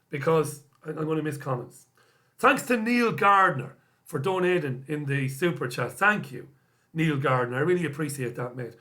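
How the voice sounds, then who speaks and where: A man's voice: a little high, bright, forceful tone. A man hosting a live stream, reading out viewer comments and answering them bluntly, swearing now and then. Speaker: host.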